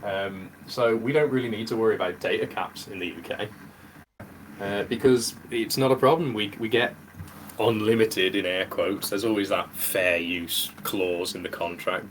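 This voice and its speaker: A man's voice: low voice, normal speed, fairly bright tone, slight background noise, rough recording. Chatty British man hosting a podcast. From United Kingdom. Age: 30s. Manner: chatty, rambling, laughs often. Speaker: podcast host. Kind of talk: casual chat among friends.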